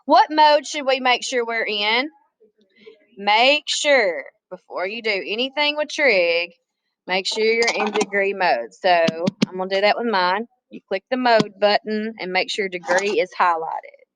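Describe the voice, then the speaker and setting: A woman's voice: medium pitch, lively intonation, measured pace, a bit bright, low-quality recording. A woman teaching a math class, chatty and often asking the students questions. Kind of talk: classroom lesson.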